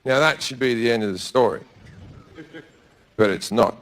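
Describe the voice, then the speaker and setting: A man doing crude, deadpan stand-up storytelling on stage with a handheld mic. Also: medium pitch, moderate pace, a little hiss or hum. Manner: crude, deadpan storytelling with sudden loud bursts. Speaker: stand-up comedian. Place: stage before a live audience.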